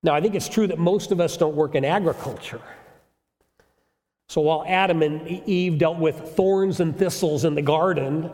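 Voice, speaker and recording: A man's voice: on the high side, a little mellow. Man preaching a sermon in a reverberant church. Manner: storytelling, emphatic, rhetorical questions. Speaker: pastor.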